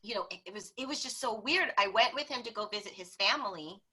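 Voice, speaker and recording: Bright-voiced woman telling lively stories. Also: medium pitch, quick pace, breathy edge, low-quality recording. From America. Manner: animated, laughs while telling stories. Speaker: guest. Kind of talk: conversational storytelling.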